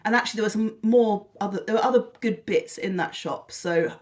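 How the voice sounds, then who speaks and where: A woman's voice: medium pitch, a little fast, a little mellow. A British woman vlogger talking casually through a haul video, rambling, gushing and poking fun at herself, a little tired. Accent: British English. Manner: rambling, self-deprecating and gushing. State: tired and lethargic.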